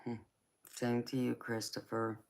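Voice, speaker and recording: A woman from Georgia with a Southern accent, hosting a live tarot stream and chatting warmly with viewers, calling them honey and baby and laughing often. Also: rumbling low, completely flat delivery, vocal fry. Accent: Southern American. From Georgia, United States. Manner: slow, unhurried, laughs often.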